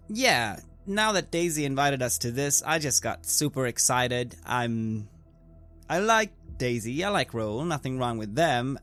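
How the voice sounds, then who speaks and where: A bubbly, carefree young woman student from California, as a man plays her in his own voice. She rambles along chattily with a smooth, clean tone. It is in-character tabletop role-play. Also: medium pitch, fairly bright tone.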